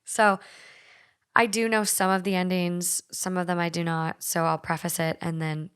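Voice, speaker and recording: A woman's voice: lowish voice, little pitch movement, moderate pace, a bit bright, smooth. Woman, young adult, podcast host, light Minnesotan accent, casual, frank, swears a lot. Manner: frank, swears freely, chatty. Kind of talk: casual podcast chat and story reading.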